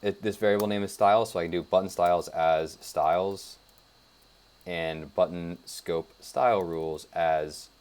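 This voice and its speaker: A man's voice: sits low, fairly even intonation, moderate pace, a little mellow, clear, resonant tone. A young man casually thinking aloud as he walks through his code in a tutorial, with lots of fillers and side remarks. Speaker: web developer. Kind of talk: casual screencast coding tutorial.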